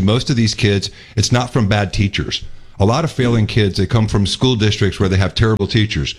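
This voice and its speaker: A man co-hosting a casual chat, speaking in an earnest, opinionated way. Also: on the low side. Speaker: co-host.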